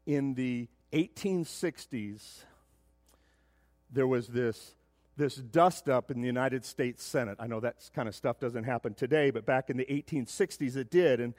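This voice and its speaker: A middle-aged man preaching a sermon as pastor, emphatic, often repeating words as he builds to loud points. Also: mid-range voice, measured pace, dry recording, clean studio sound. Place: church sanctuary.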